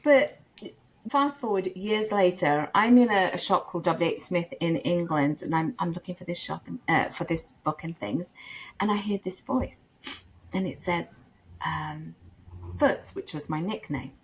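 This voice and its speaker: A woman's voice: lowish voice, moderate pace, slight background noise. A middle-aged woman telling a personal story in casual chat, laughing often and acting out the voices she quotes.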